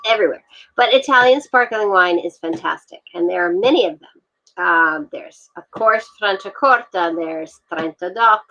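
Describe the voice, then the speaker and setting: Woman guest on a livestream, chatty, halting with ums and restarts, dull lo-fi call audio. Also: lowish voice, bright, forceful tone. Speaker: wine guest. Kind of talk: casual livestream chat. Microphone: video call.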